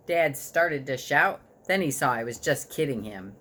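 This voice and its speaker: A woman reading a children's storybook aloud to a child, with an expressive, storytelling delivery. Her voice is on the lower side and swings up and down a lot. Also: fairly quick, hardly any pauses. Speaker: reader.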